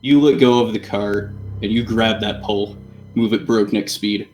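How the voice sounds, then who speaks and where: A man who is the game master, narrating a tabletop game in a slow, deliberate, grim way. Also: lowish voice, fairly even intonation, a little mellow, soft background music.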